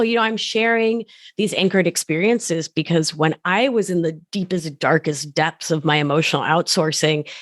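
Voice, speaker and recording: A woman hosting a podcast interview, affirming her guest with soft murmurs and heartfelt thanks. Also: fairly low pitch, no echo, clean studio sound. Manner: affirming, many soft hums. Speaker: podcast host and life coach. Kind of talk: warm interview conversation.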